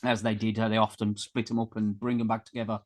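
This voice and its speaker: A man's voice: fairly low pitch, level tone, quick pace, darkish tone. A man co-hosting a casual podcast, teasing his co-host while he asks quiz questions and reels off facts. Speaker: co-host and quizmaster.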